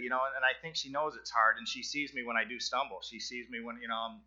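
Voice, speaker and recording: A man's voice: mid-range voice, little pitch movement, sharp tone, dull audio. Nervous man giving a church testimony. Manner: halting, many fillers and restarts, earnest. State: nervous, sweating. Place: church, in front of a congregation.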